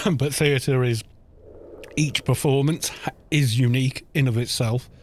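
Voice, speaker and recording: A man's voice: medium pitch, slow pace, a little hiss or hum. A man chatting casually while streaming a game, musing aloud with plenty of fillers.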